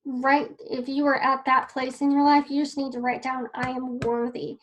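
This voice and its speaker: At her home desk in a sunny room, a wellness coach talks earnestly to camera in a casual way, sounding encouraging and a little emotional. Her voice sits high with a flat delivery at a normal speed; the highs are cut off and there's slight background noise.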